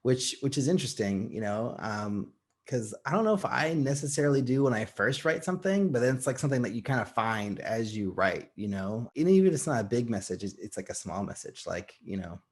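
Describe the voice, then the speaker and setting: A man's voice: mid-range voice, expressive, fairly quick. A man co-hosting a filmmaking podcast in casual chat, rambling with lots of fillers and frequent laughs. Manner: rambling, many "like" and "you know" fillers, laughs often. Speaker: podcast co-host.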